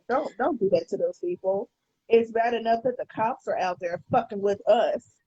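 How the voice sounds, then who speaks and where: A woman co-hosting a casual podcast, swearing freely and restarting her sentences as she tells a story. Her voice has a husky edge. The sound is dry and a little muffled, with no room echo. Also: mid-range voice, warm tone. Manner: profane, repeats words when starting sentences. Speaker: podcast co-host.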